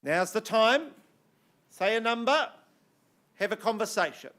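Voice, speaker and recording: A man running a property auction, speaking in a slow, measured way with frequent fillers. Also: high-pitched, lively intonation, fairly bright tone. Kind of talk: auction patter. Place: auction room.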